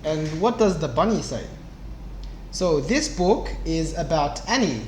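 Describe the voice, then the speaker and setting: A young man who teaches English, reading a storybook aloud slowly and clearly to children. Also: a little high, animated, a little mellow. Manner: slow and clear, with small voices for the book's characters. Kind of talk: slow read-aloud lesson for kids. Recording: echoey room, faint background noise.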